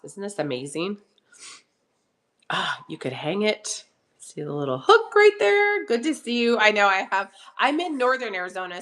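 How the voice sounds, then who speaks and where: Speaking at medium pitch with a fairly bright tone, this woman hosts a casual live auction from her kitchen at home. She chats with viewers and greets them by name as she gets over a cough.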